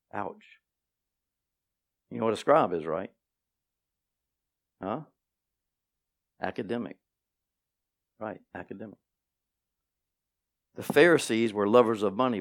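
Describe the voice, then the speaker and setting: A man preaching a sermon to his congregation, animated and repeating key phrases, with playful asides. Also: fairly low pitch, vocal fry. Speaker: pastor. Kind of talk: sermon teaching. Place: church sanctuary.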